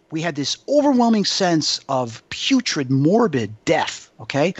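A man with a somewhat high voice tells his story in an animated, emphatic way, guest on an interview. The sound is dry and close, but dull and lo-fi, with no room around it. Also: no room sound. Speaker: psychic medium guest.

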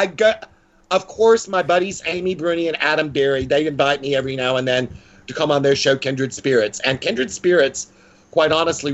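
A man's voice: medium pitch, dull audio. Blunt, playful man in his sixties. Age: 60s. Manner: blunt, playful and self-mocking. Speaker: guest psychic. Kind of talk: casual interview talk.

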